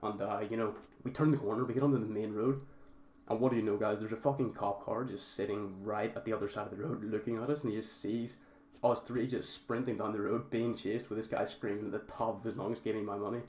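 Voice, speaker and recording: A man's voice: on the low side, steady tone, brisk, darkish tone. A young man casually telling a story to his viewers, rambling and often calling them guys. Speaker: vlogger. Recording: roomy echo, faint background noise.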